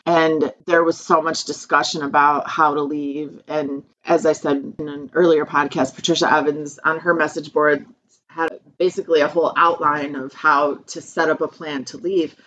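A middle-aged woman hosting a podcast, talking in a steady, reflective way with small restarts. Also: low voice, normal speed, lo-fi sound, slight background noise. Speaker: podcast host. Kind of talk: casual podcast chat.

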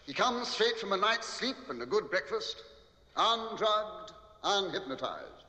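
A man's voice: high-pitched, expressive, a little slow, sharp tone, heavily acted. An actor playing a pompous government minister who formally presents his subject to an audience. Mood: proud. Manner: formal, declaiming. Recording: echoey film audio in a large hall.

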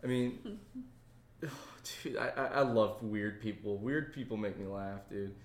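A man's voice: fairly low pitch, unhurried. Laid-back male podcaster in an echoey room. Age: young adult. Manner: animated, laughs while retelling, acts out voices in stories. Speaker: podcast co-host. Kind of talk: casual comedic storytelling.

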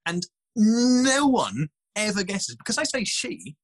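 A man, a scientist guest on an interview podcast, telling stories in an animated way with lots of restarts. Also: high voice, slow, no echo, rough recording. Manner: animated storytelling, many restarts. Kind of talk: casual interview chat.

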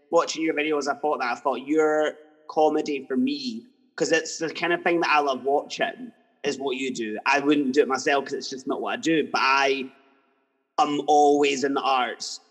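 Husky-voiced male interviewer in a reverby room. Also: medium pitch, fairly bright tone. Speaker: interviewer, host. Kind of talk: casual interview chat. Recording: long hall reverb.

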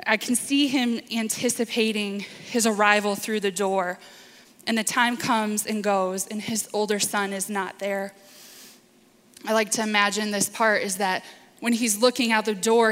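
A woman preacher delivering a sermon in earnest, deliberate short phrases. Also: medium pitch, fairly even intonation, a bit bright. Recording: reverberant hall.

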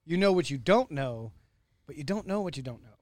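High pitched guy telling stories on a podcast, swears a lot, dry sound. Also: fairly quick, no room sound. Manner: profane, animated storytelling with acted-out quotes. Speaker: podcast co-host. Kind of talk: casual podcast chat.

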